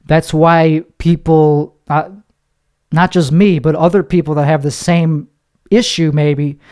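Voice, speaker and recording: Man, podcast comedian, confessional rambling, self-mocking, profane, smooth clear voice. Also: fairly high pitch, measured pace, a little mellow. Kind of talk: confessional monologue.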